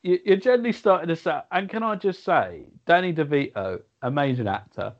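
A man's voice: a little high, lively intonation, muffled recording. A man co-hosting a casual podcast, teasing and joking with the others. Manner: joking, teasing, quick asides. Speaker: podcast co-host.

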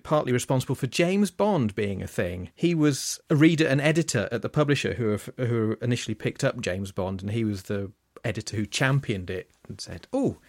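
A man's voice: medium pitch, expressive, brisk, dry recording. Male podcast co-host, forties, meandering casual storyteller, dry close recording. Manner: rambling, self-correcting storytelling. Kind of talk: casual chat.

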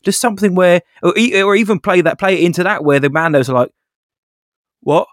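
A man's voice: high voice, quick pace, no room sound, studio quality. A man co-hosting a podcast, giving candid, opinionated critique in a casual chat. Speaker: podcast co-host.

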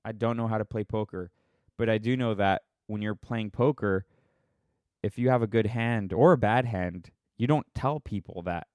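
A man's voice: on the low side, normal speed, a little mellow, no echo, clean studio sound. A man ranting casually to his viewers, sarcastic and rambling, poking fun at himself. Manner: sarcastic, rambling, self-mocking. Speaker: vlogger. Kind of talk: casual opinion rant.

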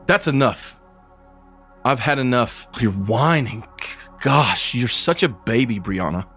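A man's voice: mid-range voice, animated, takes it slowly, fairly bright tone, breathy edge, pitched above the performer's own voice, heavily acted. A man voicing a scheming sorceress who mocks her sisters with cold condescension, in a tabletop game with music behind. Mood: mocking. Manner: mocking, condescending.

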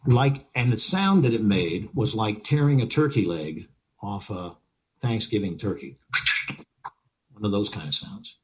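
A man's voice: on the low side, animated, measured pace, darkish tone. An older man, an actor and interview guest, telling stories vividly, acting out moments and repeating phrases for effect. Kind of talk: animated anecdote telling.

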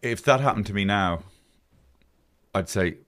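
A man in casual chat, excitable and tripping over his words. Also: fairly low pitch, measured pace. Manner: excitable, stumbling restarts.

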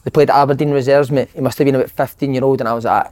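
A man's voice: mid-range voice, fairly even intonation, rapid-fire, a little mellow. A Scottish man hosting a football podcast, talking in blunt, sweary banter. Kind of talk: casual chat.

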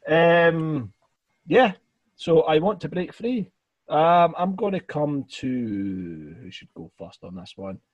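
A man's voice: on the high side, lively intonation, slow, husky, dry recording, muffled recording. A man hosting a casual music podcast, a bit tipsy, rambling with fillers and swearing. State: a bit tipsy after two beers. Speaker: podcast host.

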